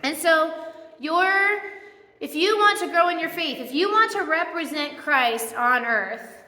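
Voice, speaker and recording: A woman's voice: extremely high pitch, expressive, unhurried, bright, forceful tone. A woman pastor giving a conversational, folksy sermon, acting out little quotes as she goes. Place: church. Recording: echoey church hall.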